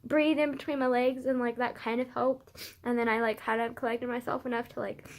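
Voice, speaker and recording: A woman's voice: on the high side, level tone, brisk. A young woman telling a personal story in a casual vlog, rambling with constant "like" and casual swearing.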